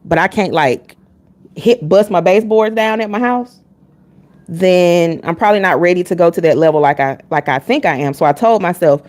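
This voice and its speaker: A woman's voice: lowish voice, lively intonation, brisk, a little mellow. A woman reading tarot on a live stream, talking casually and bluntly. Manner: candid and blunt, chatting with chat between readings.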